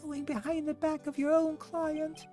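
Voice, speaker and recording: A man doing a shrill, scolding little girl. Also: little pitch movement, a little slow, mellow, faint music behind. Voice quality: very high, squeaky put-on voice.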